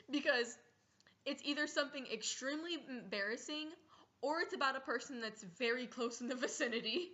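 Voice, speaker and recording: Teen girl vlogger, bright and a touch high, playful and giggly, dull lo-fi home audio. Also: fairly quick. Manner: playful, acts out scenes, giggly. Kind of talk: casual comedic vlog.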